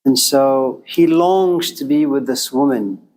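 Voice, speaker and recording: Slow, animated male lecturer. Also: mid-range voice, rough recording. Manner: animated storyteller, acting out voices. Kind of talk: storytelling lecture.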